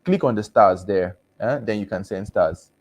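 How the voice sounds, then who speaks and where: A man's voice: fairly low pitch, moderate pace, a little mellow. Male doctor, Nigerian Pidgin accent, casual live-stream host, easygoing and repetitive, voice starting to wear. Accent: Nigerian Pidgin English. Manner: chatty, switches between English and Pidgin, repeats thanks. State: voice going hoarse. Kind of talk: casual live-stream chat reading comments.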